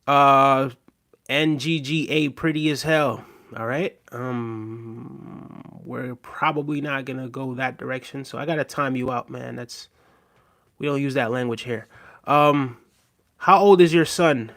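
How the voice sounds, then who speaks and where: A man's voice: mid-range voice, a little slow, a bit bright. A man hosting a casual livestream, reading viewer comments aloud and talking to his audience in an earnest, reassuring way with lots of fillers. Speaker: livestream host.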